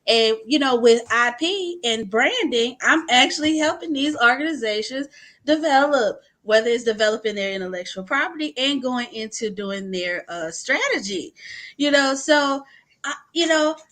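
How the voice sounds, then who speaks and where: A woman attorney with a Southern Louisiana twang, chatting lively in a video-call interview and laughing often. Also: high-pitched, moderate pace. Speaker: attorney and guest speaker. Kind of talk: virtual summit interview.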